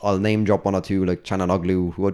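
A man chatting as a podcast guest, trading dry jokes and pausing with frequent ums. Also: low voice, flat delivery, darkish tone, clean tone. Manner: dry, joking asides with many ums. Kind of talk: casual chat.

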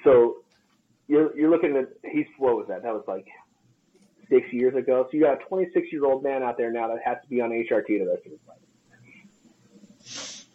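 A man's voice: medium pitch, normal speed, long pauses, narrow, tinny audio. A man co-hosting a podcast as a personal trainer, telling a story casually and profanely and acting out the quoted lines. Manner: profane, animated storyteller who acts out quotes.

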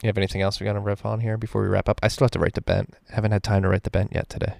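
A man's voice: lowish voice, level tone, gravelly, darkish tone, no room sound. A man hosting a podcast, talking bluntly and casually, wrapping up the show. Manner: blunt, profane, brisk sign-off host. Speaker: podcast host. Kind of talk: casual chat.

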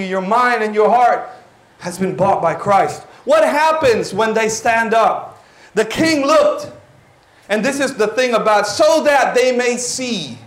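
A man, preaching a lively, exclaiming sermon to his church. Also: sits high. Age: 40s. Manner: animated, exclaiming, drops in Tagalog words. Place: church hall. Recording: roomy church hall.

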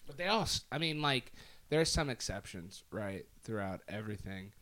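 A man's voice: on the low side, expressive, normal speed, bright, forceful tone. A young man co-hosting a casual film podcast, joking loosely and swearing as he talks movies. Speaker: podcast co-host.

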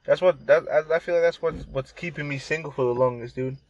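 A man's voice: on the high side, brisk, a little mellow, no room sound, highs cut off. A young man in casual chat, laid-back and profane, laughing often.

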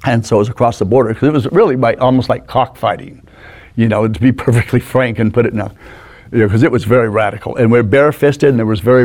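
A man in his sixties telling animated stories as a guest in a studio interview, acting out the people in them. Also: medium pitch. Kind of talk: anecdotal storytelling.

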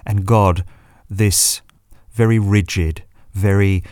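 A man's voice: low-pitched, a little slow, a little mellow, no room sound, studio quality. A man hosting a reflective solo podcast, musing and searching for his words, sometimes reading scripture aloud. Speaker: podcast host.

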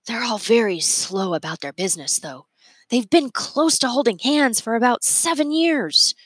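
A woman's voice: on the high side, expressive, moderate pace, slightly rough, no echo, pitched above the performer's own voice. A woman reading a storybook aloud, voicing a grease-covered mechanic man sharing gossip dryly. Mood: wry. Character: greasy gruff male mechanic.

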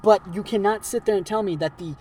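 A man's voice: high-pitched, quick pace, a little mellow, far from the mic, a little hiss or hum. A man arguing heatedly in a casual chat, swearing often and cutting in. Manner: swears a lot, interrupts, heated.

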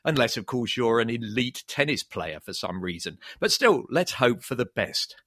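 A man's voice: mid-range voice, very animated, moderate pace, a bit bright, no echo, clean studio sound. A man co-hosting a travel podcast, chatting in a wry way with many ums and uhs. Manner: chatty and wry, with frequent fillers. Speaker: podcast co-host. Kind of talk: casual chat.

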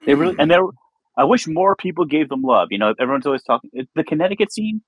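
A man's voice: on the high side, animated, fast, slightly rough, no room sound. A man in his thirties from Westchester, New York, co-hosting a podcast and reminiscing in a laid-back way. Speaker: podcast co-host. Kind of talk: casual chat.

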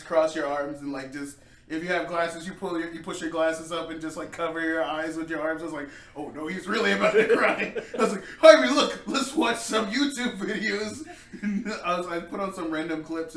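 A young man co-hosting a casual podcast, telling a story with lots of laughter. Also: on the high side. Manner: animated storyteller, laughs often. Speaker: podcast co-host. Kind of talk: casual chat. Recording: roomy, distant mic.

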